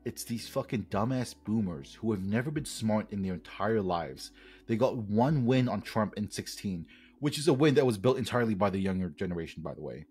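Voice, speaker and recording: A man's voice: lowish voice, lively intonation, brisk, darkish tone, slightly rough, faint music behind. A man co-hosting a podcast in casual chat, ranting heatedly with lots of swearing. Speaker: podcast co-host.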